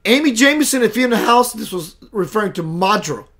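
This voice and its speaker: A man's voice: high-pitched, lively intonation, brisk, fairly bright tone. A man hosting a spiritual show, earnestly telling of a spiritual experience in a reflective monologue. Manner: earnest, reflective, re-enacting dialogue. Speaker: host.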